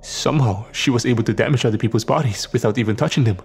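A man narrating a horror story in steady, scripted dramatic delivery. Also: medium pitch, very fast.

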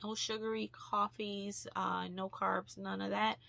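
A young adult woman vlogger chatting casually, gushing over gifts and filling pauses with ums and likes. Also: mid-range voice, little pitch movement, creaky, bright, forceful tone. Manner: chatty, gushing, with many fillers. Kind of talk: casual vlog chat.

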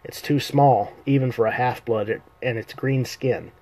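A man's voice: mid-range voice, steady tone, measured pace, dark tone, rough recording. A man voicing a suspicious male elf warrior in a live reading of a fantasy novel, questioning and scornful.

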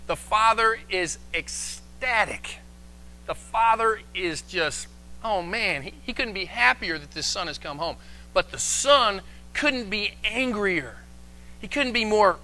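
Pastor, male, high bright voice, animated live sermon delivery. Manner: animated preaching, acts out quoted voices. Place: church, live stream.

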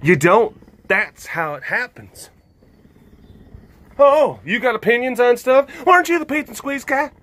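A man's voice: extremely high pitch, expressive, a little slow, pauses often, fairly bright tone, pitched above the performer's own voice, full character voice. A man voicing a mocking, effeminate male critic in a put-on Southern accent, sing-song and teasing. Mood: scoffing.

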